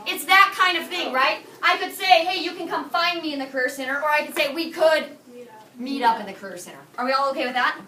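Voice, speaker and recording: A woman teaching Spanish to a high school class, energetic and playful, drilling students with call-and-response in a classroom. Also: fast, a faint crowd. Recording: echoey classroom, mic far off.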